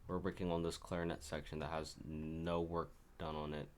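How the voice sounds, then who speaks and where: Man, deep voice, casual rambling commentary, self-correcting, composer at work. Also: flat delivery, normal speed, slight background noise. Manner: rambling, self-correcting, talks while working. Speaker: composer showing his own piece. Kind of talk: casual screen-share commentary.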